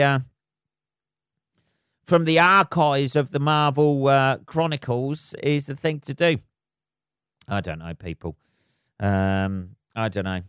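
A man's voice: on the high side, fairly bright tone, smooth, no room sound, clean studio sound. A man hosting a solo podcast, swearing constantly and rambling sarcastically. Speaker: podcast host.

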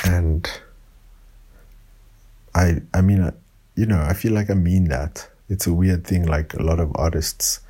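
A man from South Africa recording a rambling late-night voice note for his podcast, speaking softly after drinking wine. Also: low voice, steady tone, a little slow, pauses often, slightly rough. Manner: soft-spoken, rambling. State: tipsy from wine. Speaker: podcast host. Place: room at home.

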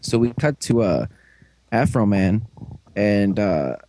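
A man casually recapping a show, rambling along and jumping into quick put-on voices for the characters. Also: fairly low pitch, expressive, dark tone, a little hiss or hum, rough recording.

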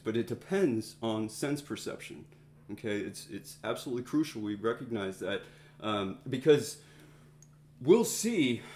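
A man leading a Bible study, teaching a group in a conversational way and pausing to find his words. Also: lowish voice, a little mellow, reverberant, slight background noise. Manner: conversational, thinks aloud, pauses to find words. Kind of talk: informal teaching talk to a group.

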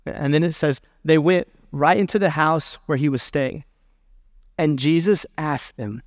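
A male pastor preaching a sermon in a conversational way, reading scripture aloud with pauses. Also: fairly high pitch, dry recording, clean studio sound.

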